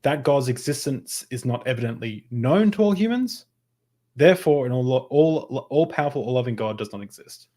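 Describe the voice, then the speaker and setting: A man's voice: medium pitch, expressive, normal speed, mellow. Eager man interjecting in podcast chat. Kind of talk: casual debate chat.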